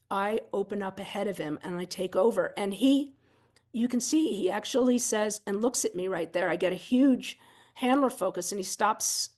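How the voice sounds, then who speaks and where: A woman's voice: mid-range voice, darkish tone. A woman instructor giving a conversational seminar talk, walking through video clips in an explanatory, candid, self-deprecating way with casual fillers.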